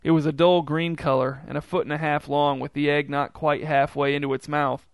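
A man reading a story aloud in an even, measured way. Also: fairly high pitch, no room sound. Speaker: narrator.

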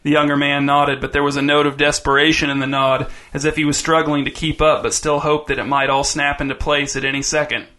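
A man's voice: fairly high pitch, little pitch movement, a little fast, hardly any pauses, bright, forceful tone. A man reading a story aloud in scripted narration, with a dry, wry delivery.

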